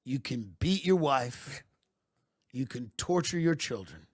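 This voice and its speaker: A man doing a satirical comic monologue as a podcast host, deadpan and mock-patriotic, sometimes building into loud rants. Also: mid-range voice, slow, breathy edge, no echo, clean studio sound.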